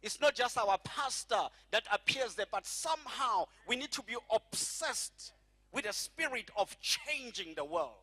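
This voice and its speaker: Emphatic preacher, high bright voice. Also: male voice. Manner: emphatic preaching, slows and stretches key phrases, has congregation repeat after him. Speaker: pastor. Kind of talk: sermon.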